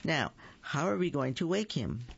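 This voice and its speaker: A man's voice: fairly high pitch, sing-song, moderate pace, creaky, fairly bright tone, slightly rough, highs cut off, full character voice. A man reading a storybook aloud voices a bossy, fussing female groundhog aunt.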